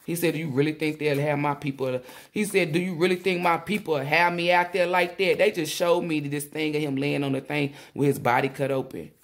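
A woman tarot reader talking casually to viewers, rambling and excitable, often exclaiming and relaying messages in blunt slang with swearing. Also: deep voice, a little fast, hardly any pauses. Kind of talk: casual spiritual reading to viewers.

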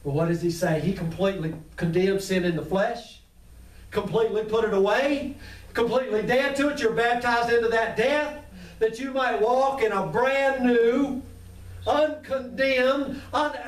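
High-voiced man preaching in an echoey church. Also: steady tone, a little slow. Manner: impassioned, preaching, calls to the congregation. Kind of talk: sermon. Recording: echoey room, mic at a distance.

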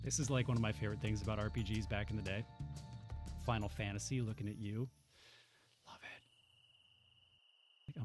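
A man's voice: lowish voice, fairly even intonation, moderate pace, pauses often, faint music behind. A man hosting casual let's-play commentary, playful and jokey, reading game lines aloud. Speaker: gaming channel host.

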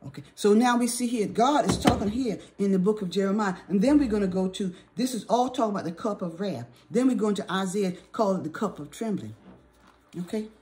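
A woman's voice: medium pitch, lively intonation, a little fast, dark tone. A woman gives an informal Bible lesson in a mid-range voice. She reads scripture aloud, stumbling now and then on words with little fillers. She keeps checking in with her listeners with a repeated "okay?". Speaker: Bible teacher.

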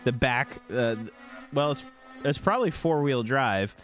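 A man narrating as game master, halting often with fillers. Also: mid-range voice, lively intonation, fairly bright tone, faint music behind.

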